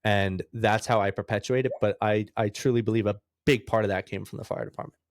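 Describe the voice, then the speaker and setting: A man's voice: fairly low pitch, brisk, dry recording, clean studio sound. A man in his thirties from New York, telling stories with frequent laughter as a podcast guest. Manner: animated storyteller, laughs often, acts out other voices. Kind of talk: casual storytelling interview.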